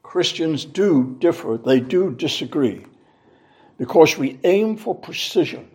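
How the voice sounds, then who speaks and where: A man preaching a sermon, reading scripture aloud in a measured, deliberate way and leaning hard on key words. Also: fairly high pitch, lively intonation, darkish tone.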